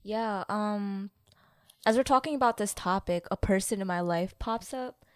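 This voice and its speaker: A woman's voice: mid-range voice, clear, resonant tone, no echo. Chatty young woman, dry close sound. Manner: chatty, slangy, quick back-channels. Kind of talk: casual chat.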